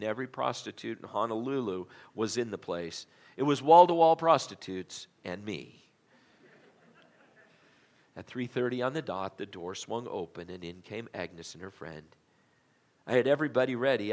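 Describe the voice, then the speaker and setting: Preaching in a church auditorium, this pastor with a creaky, mid-range voice spins a dramatic tale, raising his volume whenever the story turns tense.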